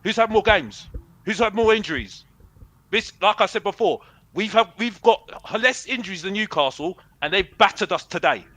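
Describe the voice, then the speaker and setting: A young man rants defiantly as a caller on a football fan show, circling back to the same points again and again. His voice sits high and bright. The sound is close and dry, with no room around it. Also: expressive, normal speed, no echo, poor audio. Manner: repetitive, defiant, says bruv a lot. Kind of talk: heated fan rant.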